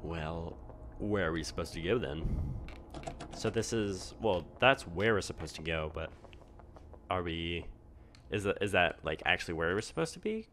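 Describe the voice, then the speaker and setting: A man's voice: sits low, expressive, normal speed, fairly bright tone, a little hiss or hum. A man doing let's play commentary, thinking aloud and puzzling over the text on screen. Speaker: gaming video creator.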